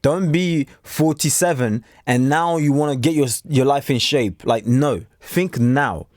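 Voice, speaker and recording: A man's voice: mid-range voice, measured pace, darkish tone, no echo, clean studio sound. A man from Africa giving a blunt, preachy motivational talk straight to camera, acting out the voices he quotes. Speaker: self-improvement coach.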